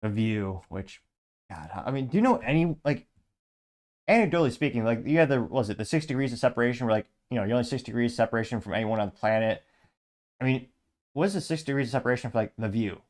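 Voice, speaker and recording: A man's voice: mid-range voice, expressive, fast talker, a little mellow. Guy doing a snarky commentary show, reads comments off and rambles, mid voice. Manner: sarcastic, mocking, rambling with asides. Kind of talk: casual commentary reading social media comments.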